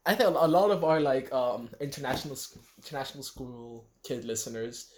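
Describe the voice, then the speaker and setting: A man's voice: mid-range voice, brisk, a little hiss or hum. A young man from the Philippines, co-hosting a casual podcast chat and acting out the people in his stories. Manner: loose storytelling, acts out quoted people. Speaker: podcast co-host.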